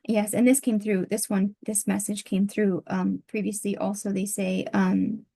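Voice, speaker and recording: Softly halting woman channeling a reading. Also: mid-range voice, little pitch movement, vocal fry. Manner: soft, halting, with many pauses and fillers. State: losing her voice. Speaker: tarot reader.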